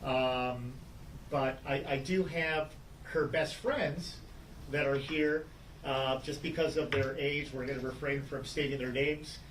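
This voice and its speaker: A man from Southern California making a measured statement at a press conference, with frequent ums and uhs. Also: mid-range voice, fairly even intonation, a bit bright. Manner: measured, with fillers. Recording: echoey, far from mic, faint ambient noise.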